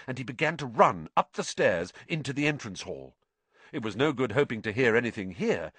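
A man narrating an audiobook with expressive, dramatic storytelling. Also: mid-range voice, no echo. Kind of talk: scripted narration.

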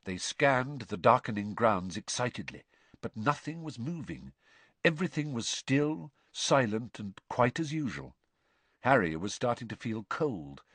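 Man, storybook narration, expressive, lively pitch, suspense-building, dry close studio mic. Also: unhurried, no room sound. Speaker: audiobook reader.

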